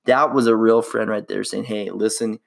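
A man's voice: lowish voice, steady tone, moderate pace, creaky. A young man hosting his own podcast, rambling in an upbeat, slangy way. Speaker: podcast host. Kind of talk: casual solo podcast chat.

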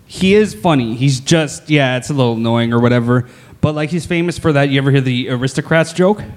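A man's voice: medium pitch, a little fast. A man co-hosting a casual comedy podcast, crude and rambling, laughing often between points. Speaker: podcast co-host.

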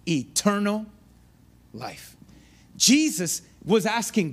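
Male pastor, thirties, high light voice, lively conversational sermon with hushed asides. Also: brisk. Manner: animated, conversational preaching with sudden drops to a hushed voice.

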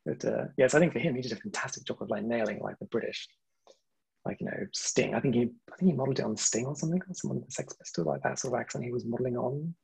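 A man's voice: medium pitch, very fast, gravelly, darkish tone, slightly rough, poor audio. A man in casual podcast chat, rambling and hedging, laughing often between thoughts. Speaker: podcast guest.

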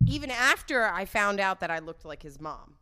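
Lively, profane young woman telling stories. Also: mid-range voice, normal speed, smooth. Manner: candid, profane, giggly, animated storyteller. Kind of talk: casual storytelling.

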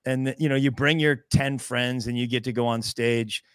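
A man's voice: mid-range voice, moderate pace, clear, resonant tone, no room sound, studio quality. A man in his fifties from the American Midwest, a comedian telling stories in casual chat and acting out the dialogue. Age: 50s. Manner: animated storyteller acting out dialogue in other voices. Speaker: guest comedian.

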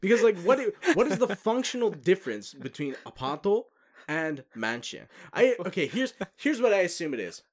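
A man's voice: high-pitched, big pitch swings, normal speed. A man chatting casually on a podcast, laid-back and full of fillers, with the occasional swear word. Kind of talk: casual chat.

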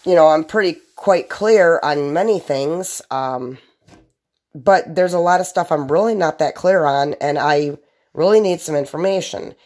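A woman's voice: low voice, measured pace, darkish tone. A woman hosting her own podcast, talking bluntly and profanely in a scattered, rambling solo monologue. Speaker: podcast host.

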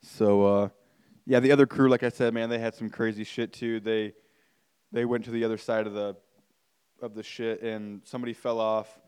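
A man's voice: fairly low pitch, level tone, moderate pace, darkish tone, clear, resonant tone. A man, hosting a podcast and telling a story casually and animatedly, swearing and saying "like" and "man" a lot. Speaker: podcast host.

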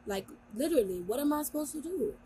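A woman's voice: sits high, animated, fast talker, mellow, slight background noise. A young woman co-hosting a podcast in casual chat, talking bluntly and emphatically with lots of slang. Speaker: podcast co-host.

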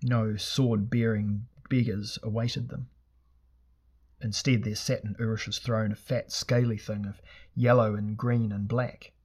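A man reading a fantasy novel aloud in a measured, steady storytelling manner. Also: lowish voice, slightly rough. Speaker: audiobook narrator. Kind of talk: scripted fantasy narration.

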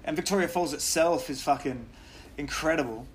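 An Australian man, a podcast guest, telling lively stories in casual chat, swearing freely and laughing often. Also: a little high, moderate pace, a little hiss or hum.

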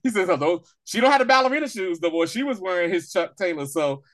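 A man in casual review-chat mode, his voice sitting a bit high for a man. He talks in loose, rambling runs with fillers and often jumps up into excited, laughing impressions of the characters. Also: fast talker. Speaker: podcast co-host.

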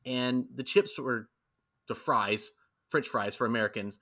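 A man's voice: medium pitch, measured pace, a bit bright. A man hosting a casual podcast, chatty and self-deprecating, often laughing. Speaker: podcast host.

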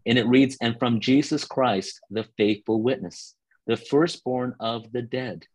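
A man preaching a teaching sermon to listeners on a call line, earnest, often restarting words and slowing down for scripture. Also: medium pitch, darkish tone, husky, no room sound, poor audio.

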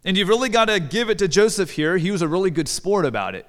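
Pastor guy preaching, high clear voice, long church echo, chatty with the crowd. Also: sing-song, fast. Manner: conversational, asks the congregation questions. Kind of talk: sermon. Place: church sanctuary. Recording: long hall reverb.

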